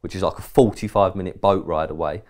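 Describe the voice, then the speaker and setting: His voice is very deep and low with a darkish tone; this English podcast co-host talks fast with fairly even intonation. He drifts through a casual story, jumping into quoted speech and swearing now and then.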